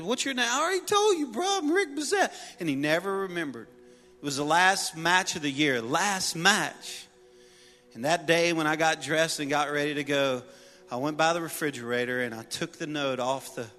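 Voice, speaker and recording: A middle-aged man preaching a sermon, telling personal stories with humor and building to loud exhortation. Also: fairly high pitch. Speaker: pastor. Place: church sanctuary. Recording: long reverb of a large hall.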